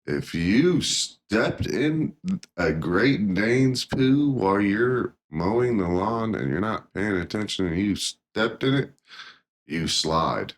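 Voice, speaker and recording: A man's voice: lowish voice, expressive, slow. A man hosting a reaction video, making laid-back, offhand remarks as he watches comedy clips. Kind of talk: casual reaction commentary.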